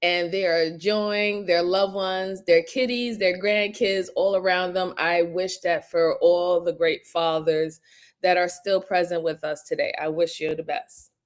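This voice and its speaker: A middle-aged woman hosting a casual livestream, giving heartfelt shout-outs to her viewers and turning emotional at times. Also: a little slow. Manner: warm shout-outs, rising to high excited greetings. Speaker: livestream host.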